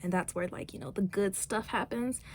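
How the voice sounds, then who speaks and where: A woman's voice: mid-range voice, normal speed, a little hiss or hum. Woman vlogger just chatting, rambly, lots of "like" and "you know". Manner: rambling, many fillers, acts out quotes. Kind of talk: casual chat.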